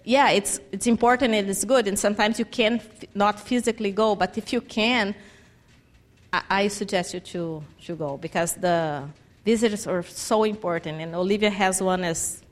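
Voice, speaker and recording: A woman tells a personal testimony. Her delivery is animated, and her pitch climbs as she acts out the conversations she recounts. Her English has some phrasing, and her voice sits in a middle register. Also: normal speed. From Brazil. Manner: animated storytelling, acts out quoted dialogue, non-native phrasing. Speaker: church mission trip member.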